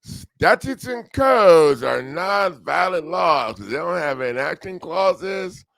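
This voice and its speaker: A man's voice: a little high, sing-song, slow, gravelly, fairly bright tone, no echo, studio quality. An older man hosts a legal self-help livestream, rambling casually and joking at himself with frequent laughs.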